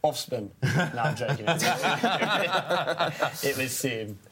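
A man's voice: mid-range voice, expressive, very slow, a loud crowd. A man from South Africa, a guest on a chat show, talking in an easygoing, friendly way. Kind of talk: casual chat.

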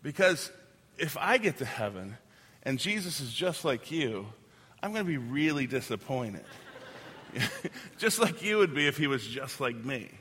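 Bright-voiced preaching man in a hall. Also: mid-range voice, sing-song, measured pace, a little hiss or hum. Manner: conversational and joking, with many "like" fillers. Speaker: pastor. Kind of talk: sermon. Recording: long hall reverb.

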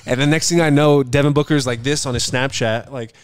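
A man's voice: medium pitch, fairly even intonation, moderate pace, clear, resonant tone, no room sound. A young man co-hosting a podcast, telling an anecdote in laid-back, profane casual chat. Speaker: podcast co-host, son.

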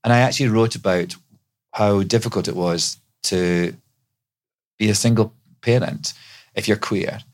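A man's voice: lowish voice, a little slow, pauses often. A middle-aged man from Scotland, a guest actor telling stories in a chatty, rambling way with many restarts. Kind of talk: casual chat.

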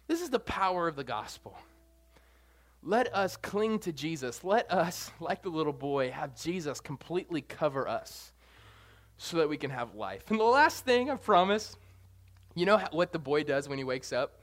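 Male preacher, high voice, animated and jokey delivery. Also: moderate pace. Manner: animated, jokey, swings between soft and loud. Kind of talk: sermon.

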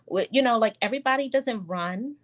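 A woman's voice: a little high, brisk. Chatty middle-aged woman pediatrician. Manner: chatty, laughs often, acts out patient talks. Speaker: pediatrician guest. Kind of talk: conversational podcast interview.

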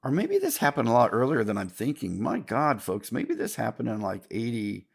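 Older man, gravelly voice, casual storytelling, rambling with restarts, mild cursing, calls listeners folks. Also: mid-range voice, huge pitch swings, a little fast. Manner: keeps addressing listeners as folks. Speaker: podcast host telling a story.

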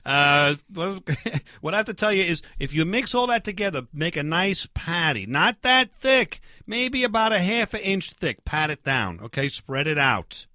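A man's voice: a little high, pushed and bright, no echo, studio quality. A man playing a pushy, blustery backyard barbecue guy in a comedy sketch, talking over everyone.

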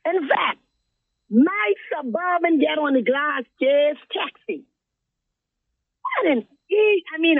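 A man's voice: very high voice, no room sound. A man calling in to a radio show, telling a rambling, heated story. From Turks and Caicos Islands. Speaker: caller. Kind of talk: call-in radio complaint. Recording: tinny phone line.

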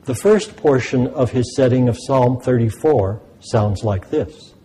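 A man gives a measured, explanatory lesson on liturgical music. His voice is mellow and dark, with a faint hiss of background noise under it. He sounds steady and methodical. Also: medium pitch, poor audio. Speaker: sacred music instructor. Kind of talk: scripted lesson narration.

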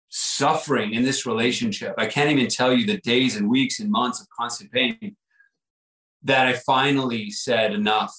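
A man's voice: medium pitch, fairly bright tone, roomy sound, rough recording. A man guest on a podcast, telling a personal story in an earnest, reflective way, often repeating himself and saying "like" and "right?".

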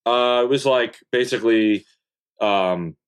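A man's voice: mid-range voice, unhurried, smooth. A young man, a content creator guesting on a podcast, talking in a laid-back, rambling way with casual swearing and lots of fillers. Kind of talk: casual interview chat.

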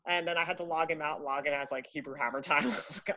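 A woman telling a casual anecdote in a profane, animated, self-mocking way. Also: low-pitched, fast talker, hardly any pauses, no echo, highs cut off. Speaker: storyteller.

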